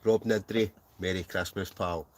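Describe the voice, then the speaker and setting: A man's voice: sits low, steady tone, normal speed. A Scottish man hosting a live stream from inside a camping tent, reading out viewers' comments with lots of jokes and laughter. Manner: jokey, laughs often, reads names aloud. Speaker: wild camping channel host.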